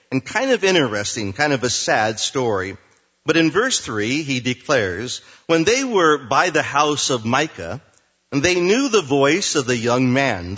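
A male pastor preaching a sermon, reading scripture slowly and then explaining it in plain words. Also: mid-range voice, fairly bright tone, dull audio.

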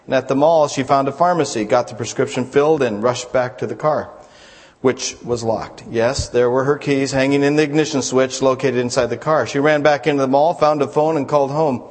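A man's voice: medium pitch, fairly even intonation, fairly quick. A man preaching a sermon as a pastor, telling jokes to the congregation in a folksy storytelling manner. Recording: long hall reverb.

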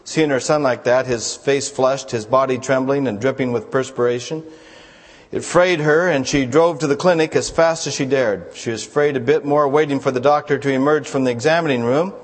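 A man preaching a sermon as a pastor, telling jokes to the congregation in a folksy storytelling manner. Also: mid-range voice. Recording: long hall reverb.

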